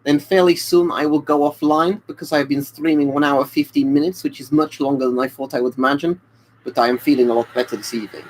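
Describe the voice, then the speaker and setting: A man's voice: on the high side, steady tone, fast, slight background noise, natural voice, poor audio. A man putting on a hammy Russian accent, playing a mock-Russian man selling gas masks with broken grammar and salesman patter during a live stream. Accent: put-on Russian accent.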